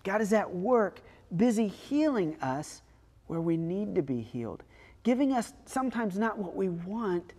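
A woman pastor preaching a sermon in a relaxed, conversational storytelling way. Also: medium pitch, a little slow, long reverb tail.

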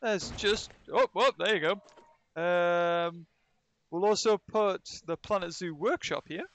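A man's voice: high voice, slow pace, fairly bright tone. A man live-streaming a zoo-building game, chatting casually and answering his viewers' chat as he plays. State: recovering from illness. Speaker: let's play streamer. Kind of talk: casual livestream commentary.

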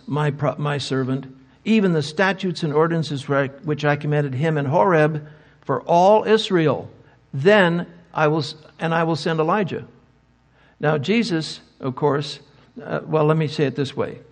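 Older male conference speaker, gravelly, slightly raised pitch, emphatic rhetorical style. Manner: emphatic, asks rhetorical questions. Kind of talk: lecture answering audience questions. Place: conference hall.

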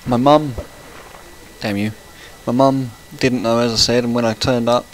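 A man's voice: medium pitch, steady tone, normal speed, slight background noise, rough recording. A man giving casual let's-play commentary, rambling and chatty and breaking off to react to the game. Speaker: gaming channel host.

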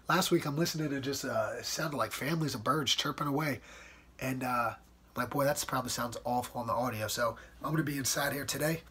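A man's voice: mid-range voice, brisk, a bit bright, husky. A man hosting his own podcast from home, talking casually and peppering his talk with "man" and "dude.". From United States. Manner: laid-back, chatty, says "man" and "dude" a lot. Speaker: podcast host. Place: at home in front of a white wall.

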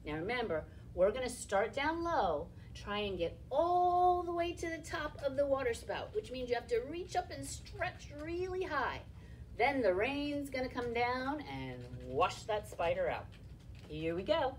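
Leading a toddler storytime in an indoor library room, a woman sings nursery rhymes and cheers the little ones on in an encouraging sing-song. Her voice is high with big pitch swings and a slightly slow pace. The mic is distant, with slight background noise.

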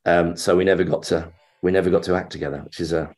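Here a fast-talking middle-aged actor with a low voice is interviewed as a guest. He recounts anecdotes in a lively way, acting out the voices of everyone involved.

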